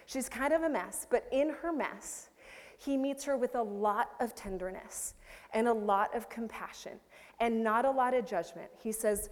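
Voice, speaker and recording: A woman's voice: medium pitch, normal speed, big-room sound. A woman pastor preaching a chatty, self-deprecating sermon, often checking in with her listeners. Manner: chatty, self-deprecating, frequent "right?" asides.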